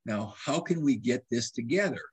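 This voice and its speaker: A husky older man in his seventies talks casually as a guest doctor. He tells lively stories, restarts his sentences and quotes himself as he goes. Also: mid-range voice, moderate pace. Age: 70s. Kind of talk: casual interview conversation.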